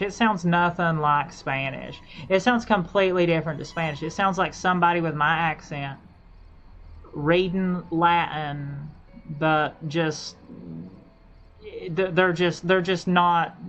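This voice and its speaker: A woman streamer chatting casually while gaming, halting and repeating herself as she thinks aloud, on a dull lo-fi mic. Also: on the low side, fairly bright tone, a little hiss or hum. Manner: halting, repeats and restarts phrases.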